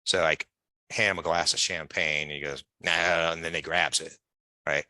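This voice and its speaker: Man, very low voice, bright and forceful, dry close sound, chatty storyteller. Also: fairly even intonation, normal speed, dry recording. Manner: chatty, digressive, acts out quoted voices. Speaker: guest. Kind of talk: animated storytelling in conversation.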